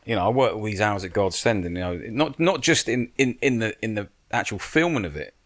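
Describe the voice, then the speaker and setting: Talking briskly in a lowish, slightly bright voice with lively intonation, the man gives podcast advice as a guest. A stunt coordinator and military adviser, he is frank and blunt, swears, and keeps restarting his sentences.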